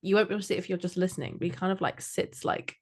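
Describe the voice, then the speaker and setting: Chatty British woman, low voice. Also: level tone, rapid-fire. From Britain. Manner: chatty, rambling, jokey. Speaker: podcast co-host. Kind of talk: casual chat.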